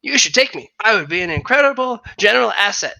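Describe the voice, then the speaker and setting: A game master voicing a small, earnest young male fighter who pitches himself eagerly with lots of fillers. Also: big pitch swings, fast talker, creaky, pushed and bright, no echo, full character voice, poor audio. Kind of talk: tabletop role-play voice.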